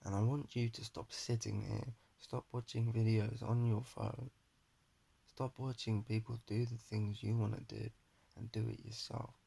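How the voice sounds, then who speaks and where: A young man speaks into his phone at home with a gravelly, husky voice. He rambles earnestly through a self-motivating pep talk, pitched a touch low. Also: dark tone. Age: young adult. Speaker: vlogger. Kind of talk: rambling personal monologue to camera. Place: his flat at home, indoors. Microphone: phone camera held in front of face.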